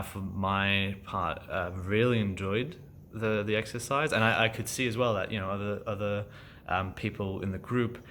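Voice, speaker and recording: Low-voiced man musing in a halting vlog. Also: a bit bright, a little hiss or hum. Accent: German. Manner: thoughtful, halting, many fillers and restarts. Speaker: actor vlogging about acting class. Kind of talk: casual reflective vlog.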